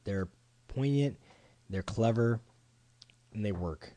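A man hosting a casual podcast chat in a home studio, animated and playful, acting out quoted voices. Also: fairly low pitch, slow, dry recording. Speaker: podcast host.

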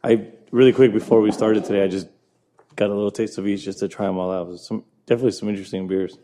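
A man's voice: fairly low pitch, steady tone, very fast, mellow. A man hosting a casual beer podcast, talking in an enthusiastic, chatty way. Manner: enthusiastic, chatty, laughs easily. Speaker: podcast host.

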